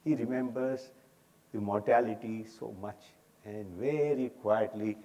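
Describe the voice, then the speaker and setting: A man's voice: fairly low pitch, measured pace, mellow. An older man with an Indian English accent giving an emphatic, preachy talk on values at a conference. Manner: preachy, emphatic, rising and falling in force. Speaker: speaker. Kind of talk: inspirational talk on stage. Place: conference hall.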